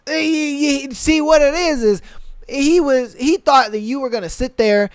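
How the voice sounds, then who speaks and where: A young man hosting a podcast, reading listener stories aloud and reacting with animated, profane commentary. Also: very high voice, measured pace, dry recording, studio quality. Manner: animated, swears a lot, mocks with put-on quotes. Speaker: podcast host.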